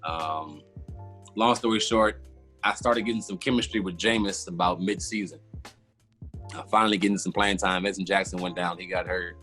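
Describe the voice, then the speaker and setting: A man's voice: deep voice, steady tone, normal speed, sharp tone, soft background music. A man, casually telling a long story as a podcast guest and acting out his own past reactions. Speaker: former football player, guest.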